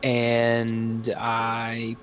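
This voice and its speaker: A man playing a tabletop roleplaying game, eager and excitable, laughing often. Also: mid-range voice, drawn-out words, soft background music. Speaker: player.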